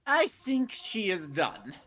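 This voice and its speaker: A man puts on an eccentric older army doctor, amused and never bothered. The voice sits far above his own, slow and drawn out, with a sing-song lilt and a bright, sharp tone. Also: sits high, huge pitch swings, pitched above the performer's own voice, exaggerated voice. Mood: calm.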